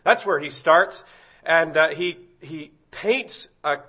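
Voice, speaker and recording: A middle-aged man giving a sermon as a visiting preacher, reading scripture aloud and slowing down to stress key words. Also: on the high side, bright, forceful tone, slightly rough. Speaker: guest preacher.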